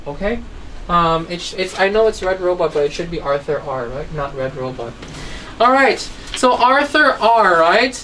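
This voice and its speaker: A woman's voice: medium pitch, a bit bright. A woman teaching an online phonics lesson to children, telling a simple story and constantly asking if they follow. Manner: asks constant check questions. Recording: distant mic, faint background noise.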